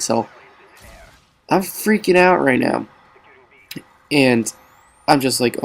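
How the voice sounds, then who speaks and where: A man tells personal stories straight to camera in a loose, rambling way. He leans on filler words and restarts his sentences often. His voice sits at an ordinary, middle pitch. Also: fairly even intonation, normal speed, vocal fry, long pauses. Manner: rambling, full of likes and ums. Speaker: vlogger. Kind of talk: casual storytelling to camera.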